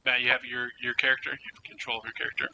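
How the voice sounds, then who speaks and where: A man narrating a tabletop game as game master, halting with many fillers and restarts. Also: medium pitch, little pitch movement, sharp tone, muffled recording, a little hiss or hum.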